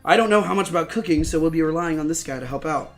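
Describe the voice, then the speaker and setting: Hoarse man doing a calm middle-aged detective dad. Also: fairly high pitch, quick pace, soft background music, close to an everyday voice.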